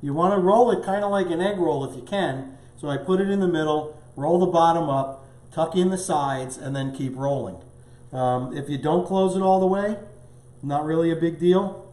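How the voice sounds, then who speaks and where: A man's voice: fairly high pitch, moderate pace, dark tone, echoey room. A man hosting a live cooking show as the chef, upbeat and chatty, tasting and talking as he goes. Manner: upbeat, chatty, talks with mouth full at times. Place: home studio kitchen.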